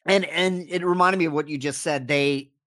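A man in casual podcast chat, an animated storyteller who acts out the lines he quotes. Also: a little high, moderate pace, no echo, clean studio sound. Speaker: podcast co-host.

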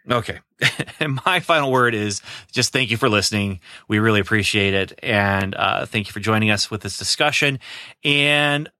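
Bright, dry-voiced chatty podcast host. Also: male voice, on the low side, a little slow, dry recording. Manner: chatty, enthusiastic, laughs easily. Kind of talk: casual podcast chat.

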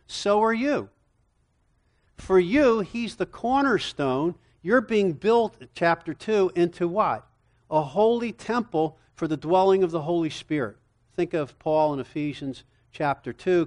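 Animated middle-aged male Bible teacher. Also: sits high, unhurried. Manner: animated, rhetorical questions, acts out dialogue. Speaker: seminar teacher for counselors. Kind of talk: lecture-style Bible teaching.

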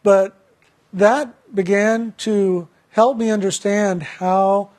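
A man giving a reflective spiritual talk and telling a personal story, speaking slowly and deliberately with pauses. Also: high-pitched, fairly even intonation, a little mellow. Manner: slow, measured, deliberate pauses.

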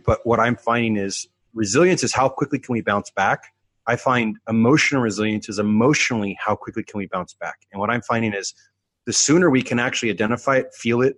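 A man's voice: medium pitch, no echo. A man talking as a coach in an earnest, reflective way, circling back on his phrases in a podcast conversation.

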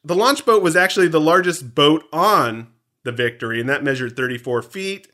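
A man co-hosting a casual movie podcast, joking and sharing trivia in an animated, teasing way. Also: on the high side, moderate pace. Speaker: podcast co-host. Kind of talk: casual movie commentary chat.

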